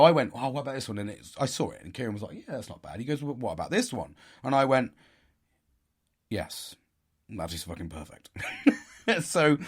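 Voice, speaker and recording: Animated swearing man. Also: mid-range voice. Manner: animated, swears a lot, laughs at himself. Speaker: podcast host. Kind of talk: casual storytelling monologue.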